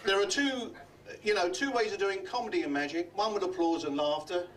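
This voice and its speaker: An older man from London doing a comedy magic act in a hotel function room, chatty and teasing the audience with quick gags. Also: high-pitched, fairly bright tone, recorded from a distance, slight background noise. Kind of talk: live club comedy act.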